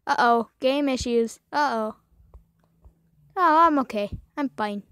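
High-voiced foul-mouthed woman gamer. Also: takes it slowly, fairly bright tone, clear, resonant tone, dry recording, clean studio sound. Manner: profane, raging outbursts and shrieks. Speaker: gaming YouTuber. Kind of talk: gameplay commentary.

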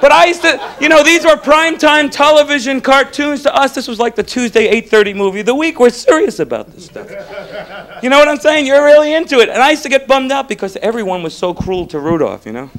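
Onstage in front of a live crowd, a Floridian comic man works through his stand-up set at a fast clip in a high, energetic voice. He erupts into shouted impressions, with audience laughter audible throughout.

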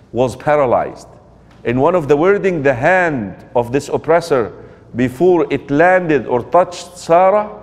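A man giving a religious lecture in a storytelling way, asking the audience rhetorical questions and mixing in quoted Arabic phrases. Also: on the high side. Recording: long hall reverb.

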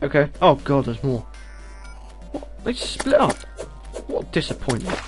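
A man giving casual gameplay commentary on a headset, excitable, breaking into loud exclamations and talking back to enemies on screen. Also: mid-range voice, measured pace. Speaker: video game let's player. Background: game music.

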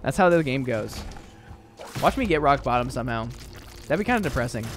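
A man's voice: medium pitch, lively intonation, brisk, soft background music. A young man streaming a game, chatting casually with viewers and rambling with lots of fillers. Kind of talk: casual live-stream chat.

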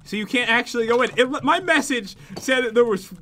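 A man co-hosting a video game session, chatting casually, often giggling and apologizing, easily excited. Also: extremely high pitch, fairly quick, a little hiss or hum. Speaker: co-host playing a video game. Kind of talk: casual gaming commentary.

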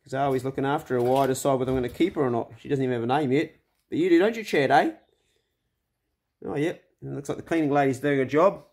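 A man's voice: medium pitch, fairly even intonation, racing, hardly any pauses, a little mellow, no echo. A middle-aged man chatting casually into his phone camera outdoors on a rural property, easygoing and blunt with mild swearing, often talking to his dogs in a raised, coaxing voice. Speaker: hunter and vlogger. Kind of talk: casual vlog chat.

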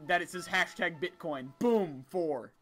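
Let's play host, young man: high-pitched, unhurried, foul-mouthed and goofy over game music. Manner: excitable, profane, silly outbursts. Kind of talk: comedic gameplay commentary.

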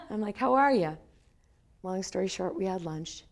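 A woman's voice: medium pitch, lively intonation, measured pace, vocal fry. A woman in her fifties telling a personal story at a lecture, animatedly acting out the quoted dialogue. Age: 50s. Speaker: lecture speaker. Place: lecture hall.

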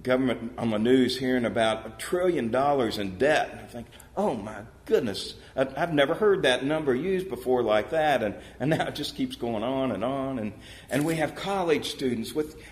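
A male pastor preaching a sermon in a church, telling a parable with lively changes of voice and rhetorical questions to the congregation. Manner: animated storytelling, voicing parable characters with pitch jumps. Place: church sanctuary.

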